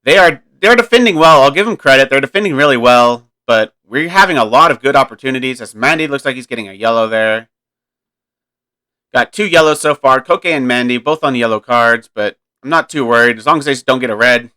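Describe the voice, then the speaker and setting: Guy casually commentating his football sim game, thinking out loud, crisp clear voice. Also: medium pitch. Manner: relaxed, thinking aloud, self-correcting. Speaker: gaming YouTuber.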